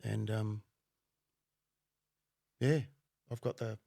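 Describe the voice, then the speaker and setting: Extremely slow and fairly even in intonation, this Australian-accented man's lowish voice is creaky and mellow, captured in a dry, clean studio recording. He's a former undercover cop guesting on a podcast, spinning casual stories bluntly, with plenty of profanity and frequent laughter.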